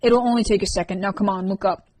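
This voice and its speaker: A stout older school nurse speaks in a brisk, patient, matter-of-fact way, as a woman reads her. The sound is dry and close. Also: medium pitch, fairly even intonation, a little mellow, no room sound, lightly acted, poor audio.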